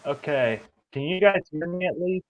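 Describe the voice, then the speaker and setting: A man co-hosting a casual livestream, talking slowly and haltingly as he reads out viewer names over a weak home internet connection. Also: a little high, animated, a little hiss or hum. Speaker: co-host reading giveaway names. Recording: muffled lo-fi internet audio with faint music.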